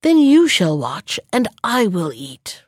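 A woman's voice: medium pitch, sing-song, slow, no echo, studio quality. A woman voicing a timid little male hedgehog in a storybook reading, speaking in a fussy, nervous way. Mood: eager.

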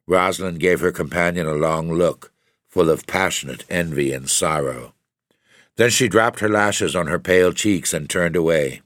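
A man narrating a gothic story with a measured, deliberate reading. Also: deep voice, fairly bright tone, dry recording. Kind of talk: scripted narration of a gothic tale.

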